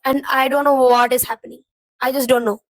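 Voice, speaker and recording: A young woman vlogging to camera speaks briskly in a high, flat voice as she vents her scattered thoughts. She rambles, sounding confused, frustrated and emotionally heavy, and the audio is poor.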